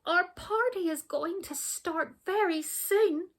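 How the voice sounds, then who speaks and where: A woman's voice: very high-pitched, slow pace, pitched above the performer's own voice, heavily acted. A woman voicing a timid little male hare in a small, shaky voice. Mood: nervous.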